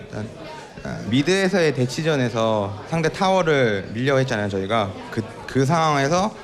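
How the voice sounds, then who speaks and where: A man's voice: mid-range voice, animated, very fast. A male pro player answering interview questions, matter-of-fact. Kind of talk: post-match interview answers.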